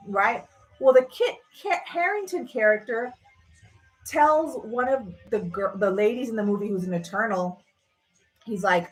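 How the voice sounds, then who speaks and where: A woman's voice: medium pitch, normal speed, soft background music, poor audio. A woman hosting a livestream, ranting casually and sarcastically, swearing freely. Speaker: livestream host. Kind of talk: casual rant.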